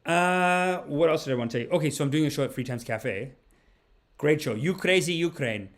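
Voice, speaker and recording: A man, a comedian hosting a podcast, telling rambling, animated stories. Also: a little high, fairly quick. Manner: animated, rambling, laughs mid-story. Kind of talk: casual storytelling.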